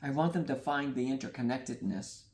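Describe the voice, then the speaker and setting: A man's voice: mid-range voice, animated, a little fast, a little mellow. Earnest dreamy man in a roomy gallery. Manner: earnest, dreamy, repeats phrases, laughs at himself. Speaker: artist guest. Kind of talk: reflective interview talk.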